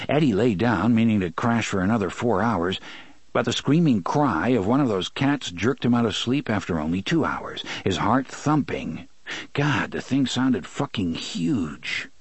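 Measured male audiobook narrator, low-pitched, in a dry studio. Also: husky, no room sound. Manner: measured, steady reading. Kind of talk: scripted narration.

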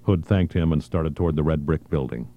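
A man reading a thriller audiobook in a measured, even narration. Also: rumbling low, vocal fry, dull audio.

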